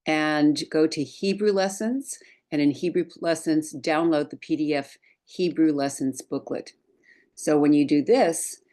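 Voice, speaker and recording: A woman's voice: sits low, a little mellow. A woman teaching a Hebrew lesson over a screen share, patiently reciting letters one by one for learners to repeat.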